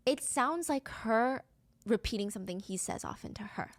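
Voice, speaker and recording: A woman's voice: animated, normal speed, no room sound. A woman narrating a true crime case, acting out the quoted lines with a lifted voice. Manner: acts out quoted lines with rising pitch.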